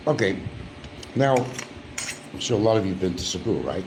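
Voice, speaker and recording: A man with a fairly low voice chats loosely to his viewers, talking with food in his mouth and drifting between small talk and complaints. Faint noise hums behind him at home. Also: expressive, fast talker, long pauses, darkish tone, low-quality recording. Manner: rambling, eats while talking, grumbling. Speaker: vlogger. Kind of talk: casual eating vlog chat.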